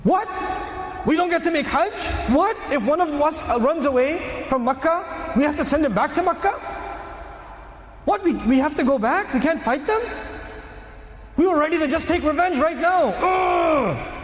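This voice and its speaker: A man doing a furious, indignant man from an old religious story, firing off outraged questions in a high, strained voice that rings through a big echoey hall. The voice jumps well above the speaker's own. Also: animated, normal speed. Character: angry crowd of early Muslim men, indignant.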